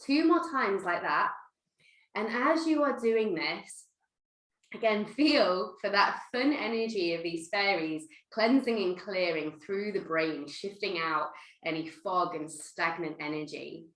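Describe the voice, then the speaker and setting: A woman teaching a guided breathwork class, giving gentle, playful instructions. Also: lowish voice, unhurried, echoey room, rough recording. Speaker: yoga teacher.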